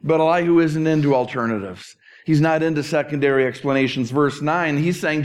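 A middle-aged male pastor preaching a conversational sermon, animated and self-deprecating with touches of humor. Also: a little high, fairly quick, few pauses.

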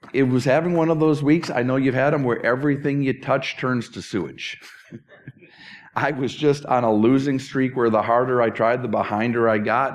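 A middle-aged male pastor with a medium-pitched voice preaches conversationally. He's animated and self-deprecating, adding touches of humor.

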